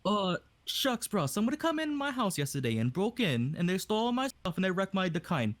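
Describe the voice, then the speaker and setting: A man's voice: sits high, big pitch swings, a little fast, fairly bright tone, voice pushed up. A man voicing a laid-back young Hawaiian guy in a Pidgin accent, with an easygoing drawl.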